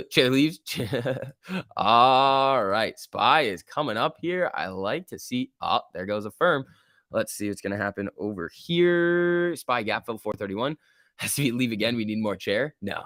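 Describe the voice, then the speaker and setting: A man hosting a casual livestream, giving excitable running commentary and answering chat. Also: mid-range voice, unhurried, no echo, studio quality. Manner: excitable, reacts aloud and reads chat. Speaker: livestream host. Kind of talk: casual live market commentary.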